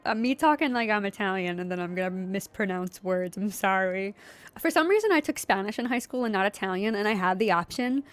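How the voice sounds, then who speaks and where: A young woman with a Philadelphia accent, playing a story game, reading narration aloud with chatty, giggly asides. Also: medium pitch. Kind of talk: casual game playthrough narration.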